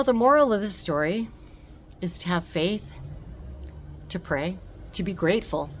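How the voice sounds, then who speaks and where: A woman telling a personal story on her vlog, emotional and expressive, laughing often. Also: on the low side, a little slow. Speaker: vlogger.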